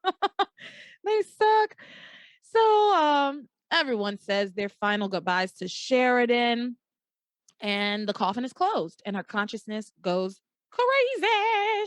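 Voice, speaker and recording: A young woman hosting a podcast, casually retelling soap opera scenes and acting out the characters' lines in a high, dramatic voice. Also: takes it slowly, dry recording. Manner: animated storytelling, acts out quotes in a high dramatic voice. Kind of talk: casual chat.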